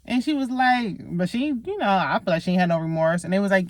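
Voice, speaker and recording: A woman's voice: fairly high pitch, a little fast, no room sound, studio quality. Sassy woman recapping reality TV. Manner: animated, sassy, talks straight to viewers. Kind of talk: casual recap chat.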